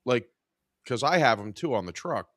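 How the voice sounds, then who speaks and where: Podcast guy jumping in with reactions, lively voice, dry close sound. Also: mid-range voice, moderate pace, no room sound. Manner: chimes in with short reactions and questions. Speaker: podcast co-host. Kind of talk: casual chat on a live podcast.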